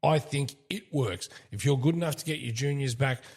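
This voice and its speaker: A man's voice: medium pitch, normal speed, darkish tone, husky. A man hosting a casual sports chat show, talking in a rambling, jokey way. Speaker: podcast host.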